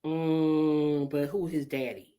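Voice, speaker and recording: Addressing her audience head-on, a middle-aged woman runs a live online talk show full of casual, opinionated remarks delivered with animated emphasis. Her voice sits low and slow, with a clean tone.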